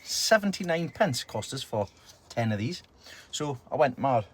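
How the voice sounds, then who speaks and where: An allotment vlogger talks casually about the plants and gardening in his outdoor garden and allotment, chatty and quick to poke fun at himself. His mid-range voice has a sing-song, unhurried lilt, and the recording carries a little hiss or hum.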